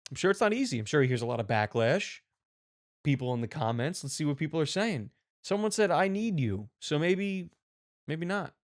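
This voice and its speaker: A man hosting a show, giving mock-serious, animated reaction commentary on videos and swearing casually. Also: a little high, moderate pace. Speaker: host.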